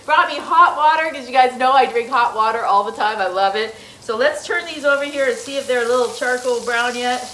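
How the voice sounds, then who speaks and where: A woman's voice: a little high, brisk, hardly any pauses, sharp tone, slight background noise. A middle-aged woman hosting a casual cooking demonstration in her home kitchen, chatty, laughing often and talking straight to viewers. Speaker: host. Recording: echoey room with faint sizzling. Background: food sizzling in a pan.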